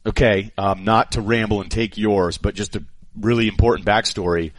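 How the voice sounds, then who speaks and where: A man co-hosting a radio show, telling animated stories and acting out quotes in a casual chat. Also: fairly low pitch, moderate pace, no echo. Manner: animated storyteller, acts out quotes.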